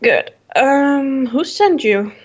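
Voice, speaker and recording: A woman's voice: sits high, lively intonation, takes it slowly, highs cut off. Hesitant woman player in an online game. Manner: hesitant, thinks aloud. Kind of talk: casual tabletop game chat.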